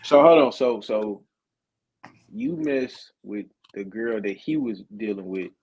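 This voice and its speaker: A man's voice: lowish voice, lively intonation, takes it slowly, darkish tone, breathy edge, highs cut off. A man co-hosting a casual podcast, reacting to a friend's story with teasing follow-up questions. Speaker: podcast co-host. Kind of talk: casual chat, asking questions.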